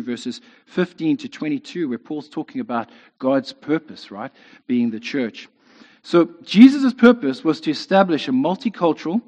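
A man's voice: medium pitch, a little mellow. A man preaching a sermon in a conversational way, often checking in with "right?". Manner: conversational, keeps asking "right?". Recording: dull lo-fi sound with long reverb in a hall.

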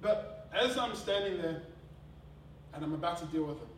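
Kiwi man preaching, higher voice, lively storytelling, echoey hall, mic far off, background noise. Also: moderate pace. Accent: New Zealand. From New Zealand. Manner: animated storytelling, swings between loud laughing bursts and quiet earnest passages. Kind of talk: sermon with personal story.

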